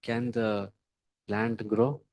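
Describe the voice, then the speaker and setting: Halting man giving a sermon. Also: lowish voice, level tone, darkish tone, dry recording, low-quality recording. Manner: halting, with frequent pauses and fillers; asks the listeners rhetorical questions. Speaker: devotional lecturer.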